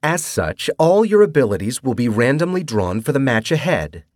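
A man voicing a cutesy, small female game host with a bloodthirsty streak, speaking in a slow, formal announcer manner. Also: medium pitch, sing-song, no room sound, clean studio sound, pitched above the performer's own voice, close to an everyday voice. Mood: cutesy announcing.

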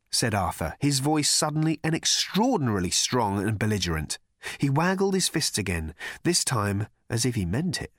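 A man reading a comic story aloud as narrator, in an expressive storytelling manner. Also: medium pitch, normal speed, no echo, clean studio sound. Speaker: audiobook narrator. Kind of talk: scripted narration.

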